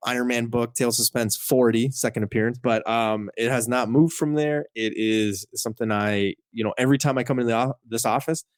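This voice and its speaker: A man's voice: mid-range voice, brisk, hardly any pauses, dry recording. A man, a guest on a studio podcast, telling a long personal story in casual chat, full of "like" and acted-out quotes. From Canada. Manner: animated storyteller, fills speech with "like", acts out quoted lines. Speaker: podcast guest, comic collector.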